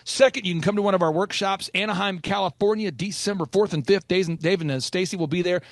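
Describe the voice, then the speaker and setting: Guy hosting a business podcast, high voice, talks super fast, telling stories and doing little folksy voices. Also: no room sound. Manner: animated storyteller, acts out folksy quotes. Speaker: host and business coach. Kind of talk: energetic podcast talk with playful impressions.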